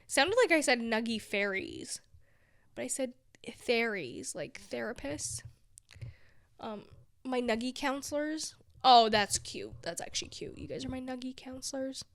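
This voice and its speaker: A woman's voice: high-pitched, measured pace, no room sound. Rambling, weary woman podcaster. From big city. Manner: rambling, self-deprecating, laughs often. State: discouraged and close to tears. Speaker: podcast host. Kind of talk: casual solo podcast monologue.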